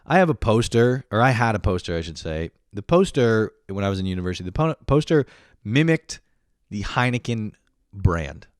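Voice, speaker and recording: A young man delivers a foul-mouthed comic rant, his fairly low voice leaping up and down as he gets worked up. He swears freely and sounds fed up with everyone. The recording is close and dry. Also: moderate pace, dry recording. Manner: swears constantly, animated and exasperated. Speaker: comedic vlogger. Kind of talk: profane comedic rant.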